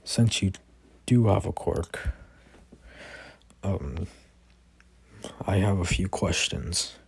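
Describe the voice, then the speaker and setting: A man's voice: low voice, very slow, creaky, darkish tone, slightly rough, dry recording, full character voice. A man voicing a blunt, weary male hero in a fan-made spoken story, reading the quoted lines plainly with many fillers.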